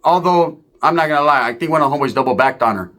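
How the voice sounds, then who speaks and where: A man rattles off a profane street story in a rapid-fire, slightly high voice. He's animated and acts out the other people's voices.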